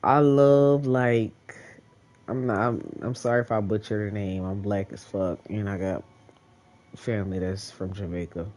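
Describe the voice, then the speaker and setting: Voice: low voice, steady tone, unhurried, darkish tone. A vlogger talking in a casual, rambling monologue straight to the camera, swearing freely and laughing often.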